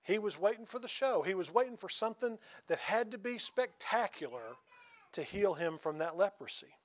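A man's voice: high voice, lively intonation, moderate pace. Folksy preacher, man. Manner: folksy, conversational, asks the congregation questions. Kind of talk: sermon.

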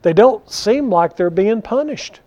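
A man teaching a conversational Bible study, animated and full of questions to his listeners. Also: high-pitched, measured pace. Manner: animated, rhetorical questions to the audience. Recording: dull lo-fi recording.

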